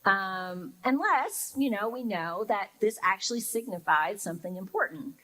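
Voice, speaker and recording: At a moderate pace, a young female pastor with a mid-range, fairly bright voice and lively intonation gives a laid-back, reflective sermon. She fills it with fillers, addresses people as if chatting, and plays out their inner reactions. The recording is rough.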